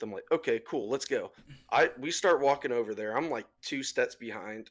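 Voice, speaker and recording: Young man, crude storyteller, podcast co-host on a call mic, average pitch. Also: normal speed. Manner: crude, animated, acts out quoted voices. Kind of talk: casual storytelling over a voice call. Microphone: desktop mic on a voice call.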